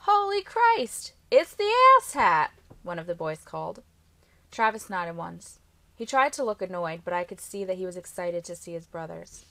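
A woman reads a first-person novel aloud in a steady, quietly expressive way. Her voice is lower than most women's, recorded close on a mic in a dead, dry space. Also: moderate pace, gravelly, no echo. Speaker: audiobook reader.

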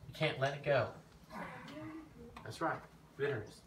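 A man preaching an informal teaching sermon, telling his own story in an animated way that rises when he gets emphatic. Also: mid-range voice, a little slow. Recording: echoey room, mic at a distance, faint background noise.

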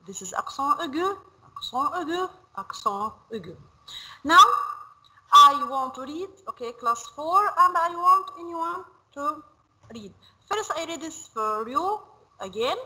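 A woman leads a classroom lesson, her high voice bright and sharp. She drills each word again and again, slow and patient. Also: animated, poor audio. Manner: repeats words slowly, drilling pronunciation. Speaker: French teacher. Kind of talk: classroom teaching. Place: school classroom.

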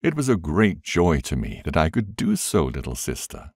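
A man doing a gentle, patient brother. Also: rumbling low, wildly swooping pitch, normal speed, slightly rough, no room sound, studio quality, heavily acted. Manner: gentle, kind.

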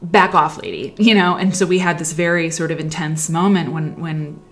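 Low-voiced woman telling stories casually. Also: steady tone, normal speed. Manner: rambling, reflective, trails off. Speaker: livestream host. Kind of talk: casual livestream storytelling. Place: at home while sewing.

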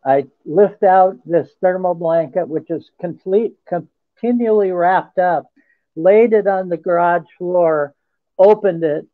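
A man, a guest in an interview, telling a first-person account in an earnest, halting way. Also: high-pitched, no room sound. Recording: tinny phone line, dry.

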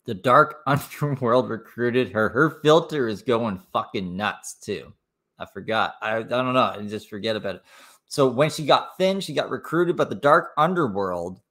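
A man's voice: mid-range voice, normal speed, a bit bright. A man reacting to a video on a live stream, making sarcastic, mocking asides in a casual way.

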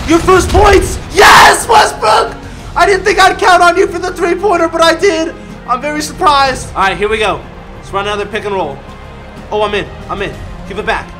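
Excitable high-voiced man commentating gameplay. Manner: excitable, shouts at his players, laughs often. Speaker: gaming YouTuber.

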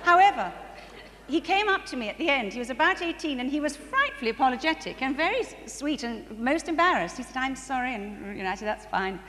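A woman telling church stories in sermon style, animated and quick to laugh. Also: sits high. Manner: animated, laughs often, rising to bursts of excitement. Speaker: speaker at a church conference. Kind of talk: sermon-style testimony storytelling. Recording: distant reverberant hall recording with faint ambient noise.

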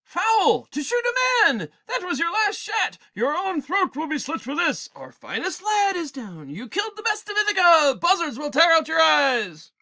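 A male teacher voicing a mob of furious young male suitors, shouting in a shrill, yelling manner while reading aloud in class. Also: big pitch swings, normal speed, hardly any pauses, no echo, exaggerated voice. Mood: outraged.

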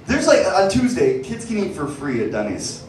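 A man's voice: high-pitched, moderate pace, over a noisy crowd. Sardonic man in an echoey comedy club. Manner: deadpan, sardonic storytelling. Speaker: stand-up comedian. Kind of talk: stand-up comedy set. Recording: echoey club, distant mic, noisy.

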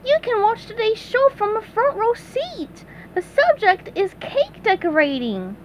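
Woman doing a squeaky, bubbly cartoon sea sponge. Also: very animated, a little slow, a little hiss or hum, heavily acted. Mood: cheerful. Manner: bubbly, gushing, very high. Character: cheerful eager male cartoon sea sponge.

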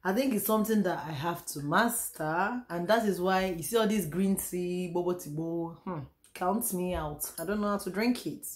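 Hoarse Nigerian woman vlogging. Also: fairly low pitch, normal speed, hardly any pauses. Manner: chatty, repeats herself, sighs and trails off. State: hoarse, losing her voice. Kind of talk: casual home vlog chat. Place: room at home.

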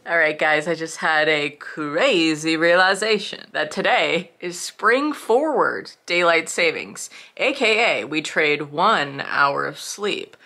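A woman's voice: low-pitched, lively intonation, slow pace, few pauses, pushed and bright. A young woman chatting casually to camera in her vlog, gushing and swearing freely, sounding tired. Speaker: vlogger.

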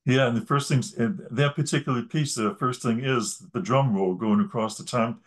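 A man's voice: medium pitch, moderate pace. A man, a drummer guest, chatting casually with easygoing brief replies. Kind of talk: casual chat.

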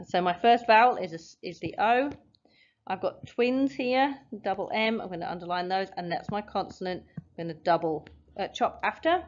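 A woman's voice: on the low side, dull audio. A woman teaching a phonics lesson, patiently sounding out letters and syllables step by step. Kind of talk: phonics lesson, explaining at a board.

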